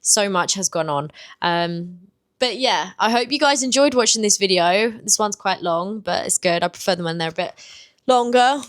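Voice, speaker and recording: A British woman in her twenties speaks at normal speed in an animated, mid-range voice. She talks openly to camera in a confessional vlog, chatty and peppered with "like."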